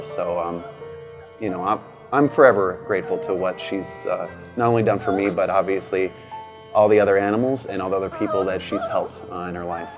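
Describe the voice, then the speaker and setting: A man giving an earnest interview testimonial as a grateful dog owner, speaking with frequent ums. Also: low-pitched.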